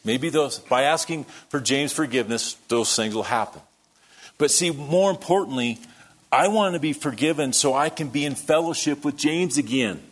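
A man preaching a sermon, telling a story that moves between quiet, hushed lines and loud, worked-up ones. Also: mid-range voice, moderate pace. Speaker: pastor.

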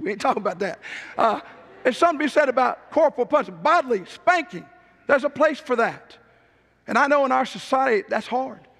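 Preacher guy, middle-aged, high gravelly voice, echoey church hall. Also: a bit bright. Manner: emphatic storytelling, repeats key lines. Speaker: pastor. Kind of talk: sermon.

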